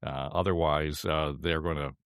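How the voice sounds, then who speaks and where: A man's voice: very deep voice, fairly even intonation, moderate pace, smooth, dry recording, clean studio sound. An older man hosting a political podcast panel in an easygoing, chuckling way. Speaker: podcast host. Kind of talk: casual panel chat.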